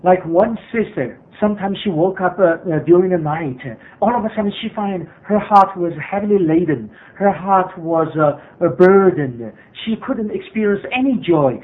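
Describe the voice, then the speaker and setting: A man's voice: high-pitched, lively intonation, normal speed, few pauses. A man preaching a sermon as pastor, earnest and repetitive, with frequent hesitations. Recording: tinny phone-like sermon recording.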